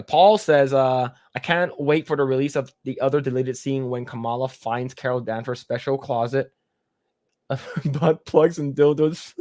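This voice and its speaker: A man's voice: medium pitch, darkish tone, dry recording. Guy hosting a podcast, reads chat, swears a lot, rambly, dry close mic. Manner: rambling, profane, laughs often. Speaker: podcast host reading chat. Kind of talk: casual chat.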